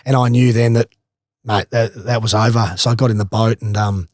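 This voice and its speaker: A man's voice: on the low side, a little fast, no room sound, clean studio sound. A man with an Australian accent, a former footballer, casually telling a swimming story with laughs and swearing. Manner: animated, swears freely, laughs through stories.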